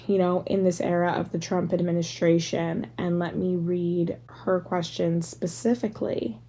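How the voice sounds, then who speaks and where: A woman's voice: fairly low pitch, a little mellow. A woman in her thirties hosting a solo podcast, rambling casually through tangents with lots of "like" fillers. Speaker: podcast host.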